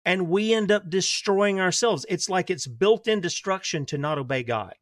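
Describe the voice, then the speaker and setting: A man's voice: sits high, normal speed, no room sound, clean studio sound. A man hosting a talk radio show, speaking conversationally and emphatically, often restarting his sentences. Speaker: radio host.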